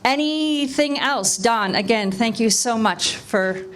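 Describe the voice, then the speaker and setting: A woman hosting a live event, thanking people warmly and using jazz slang, sometimes close to tears. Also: on the high side, animated, slow pace. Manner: effusive, emotional, jazz slang. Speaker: event host. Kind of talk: live emcee thank-yous. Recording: live venue with crowd noise.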